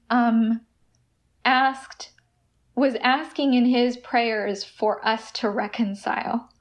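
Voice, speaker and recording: A woman telling her personal recovery story as a podcast guest, emotional and halting, with restarts. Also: on the high side.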